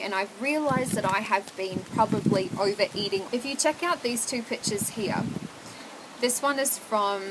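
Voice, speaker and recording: A woman's voice: mid-range voice, background noise. A young woman, talking candidly to camera at home in a chatty, confessional way, full of "like" and "oh my God". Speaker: vlogger. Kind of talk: candid casual chat to camera.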